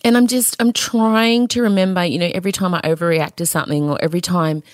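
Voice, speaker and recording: Tired, low-voiced woman podcasting. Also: fairly even intonation, fast talker, no echo, clean studio sound. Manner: frank, rambling, laughs often, gets emotional. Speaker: podcast host. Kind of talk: candid solo podcast chat.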